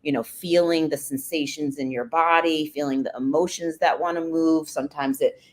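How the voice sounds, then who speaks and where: A woman guest, a somatic healer, explaining her work in a calm, measured way. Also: low-pitched. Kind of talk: calm explanatory interview talk.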